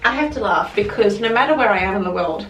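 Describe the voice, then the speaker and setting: A woman's voice: medium pitch, expressive, fast talker, fairly bright tone. A woman with an Australian accent chatting to camera as a vlogger, rambling and correcting herself as she goes. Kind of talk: casual chat to camera. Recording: roomy echo, mic at a distance, music behind. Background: music.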